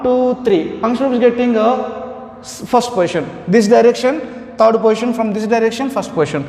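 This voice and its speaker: Indian English male lecturer with a high voice, slow and repetitive, recorded in a roomy classroom with long reverb. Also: darkish tone. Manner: slow, repetitive explanation with many fillers. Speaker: chemistry lecturer.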